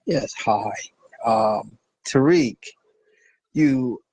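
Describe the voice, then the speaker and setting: A man's voice: medium pitch, very slow, darkish tone, rough recording. A man from Ethiopia, calling in to a talk show. He speaks in an assertive, challenging way. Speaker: caller.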